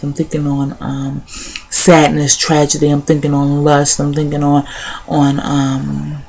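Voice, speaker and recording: Sitting low and somewhat mellow, the young woman's voice carries a relaxed vlog reflection. She repeats herself as she goes and drops in words like "y'all" and "honey."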